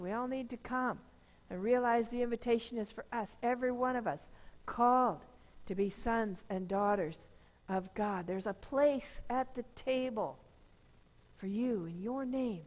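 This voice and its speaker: A woman's voice: a little high, darkish tone. A woman pastor giving a conversational sermon, acting out the voices of the people in her story. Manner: conversational preaching, acts out quoted voices. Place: church sanctuary. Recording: long reverb of a church sanctuary.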